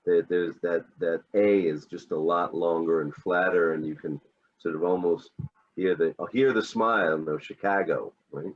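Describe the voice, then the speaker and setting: Man, American accent, very deep voice, casual teaching chat, hesitant with fillers, dull lo-fi sound. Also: moderate pace. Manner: relaxed, hesitant, many fillers. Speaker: English teacher.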